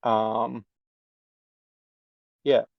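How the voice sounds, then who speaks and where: A man's voice: mid-range voice, level tone, extremely slow, creaky, no room sound. Casual man at a tabletop game. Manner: casual, hesitant, lots of fillers. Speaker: player. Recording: dull, dry lo-fi audio.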